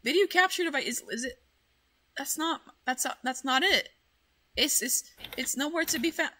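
A woman streamer chatting casually, excitable and full of swearing as she rambles. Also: sits high, normal speed. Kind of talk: casual livestream chat.

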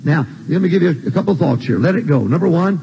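A man's voice: fairly high pitch, expressive, fast, gravelly, mellow, husky, highs cut off. An older man preaching a sermon, folksy and emphatic, repeating his points. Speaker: pastor. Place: church sanctuary.

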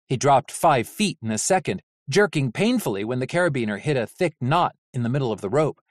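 An audiobook narrator reading a novel in an expressive, animated way. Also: mid-range voice, a little fast, no echo, clean studio sound.

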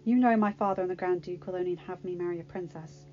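A woman's voice: lowish voice, quick pace, a little mellow, slight background noise, natural voice. A woman voicing a young, earnest prince who is sheepish about being in love. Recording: dull lo-fi recording, faint music.

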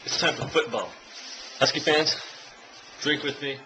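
A young man filming himself at home as he watches a football game, chatting and cheering loudly. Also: on the high side, unhurried. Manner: swings from quiet chat to loud cheering shouts. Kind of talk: casual vlog, reacting to live football. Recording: noisy home video recording.

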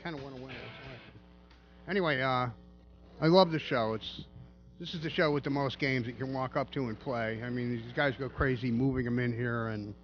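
A man's voice: medium pitch, fairly quick, highs cut off, faint music behind. A man giving a casual seminar talk as a guest speaker, rambling with many restarts. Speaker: guest speaker, pinball designer.

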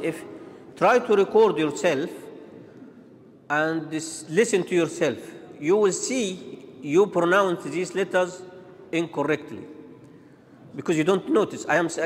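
A man teaching Quran pronunciation, demonstrating and contrasting letter sounds in a halting, repetitive way. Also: a little high, a little hiss or hum. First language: Arabic. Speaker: tajweed teacher. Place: large mosque hall. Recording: long reverb of a large hall.

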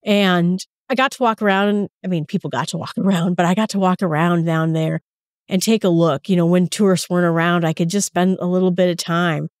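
Woman telling Bible stories, low and dry. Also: fairly even intonation, brisk, no echo. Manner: conversational storyteller with asides. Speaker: Bible teacher and podcast host. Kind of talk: casual Bible teaching with personal stories.

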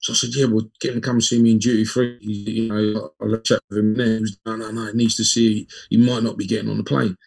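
A man in his fifties, a former footballer, telling lively anecdotes as an interview guest and acting out the dialogue. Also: lowish voice, fast talker, creaky, hardly any pauses, breathy edge. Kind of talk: conversational storytelling in an interview.

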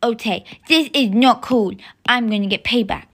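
A woman voicing a mischievous young boy twin in a toy-game role-play. He speaks eagerly and loudly and pushes his sister to join his pranks. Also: fairly high pitch, normal speed. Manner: eager, loud and pushy.

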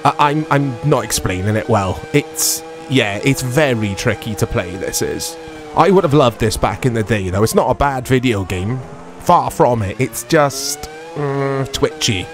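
A man's voice: medium pitch, expressive, measured pace. Chatty man rambling over gameplay. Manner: rambling, self-deprecating, full of tag questions. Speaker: retro game reviewer. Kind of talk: casual gameplay commentary. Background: background music.

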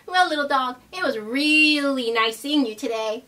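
A young woman hosts a learning video for toddlers, her voice high, bright and swooping through a wide, sing-song range. She speaks with gentle, exaggerated cheer, gasping and mimicking animal sounds, and sounds a little distant from the microphone. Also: lively intonation, normal speed, few pauses. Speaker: children's educational video host.

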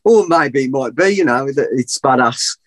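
A middle-aged man telling a long story as a podcast guest, animated and rambling, often laughing at himself. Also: medium pitch, normal speed, dry recording. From England. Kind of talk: casual storytelling.

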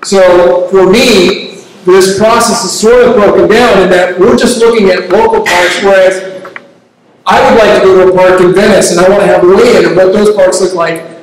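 A man's voice: sits high, steady tone, moderate pace, slight background noise. A man, a community advocate, making an earnest, argumentative public comment at a meeting. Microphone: distant room mic. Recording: very echoey room from far off.

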